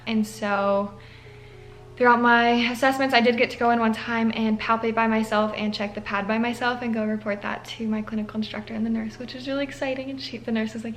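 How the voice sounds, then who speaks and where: A woman's voice: on the high side, fairly even intonation, fairly quick, a bit bright, faint music behind. A young woman, a nursing student, chatting casually to camera with lots of filler likes and an emotional, earnest manner. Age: young adult. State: tearful at moments.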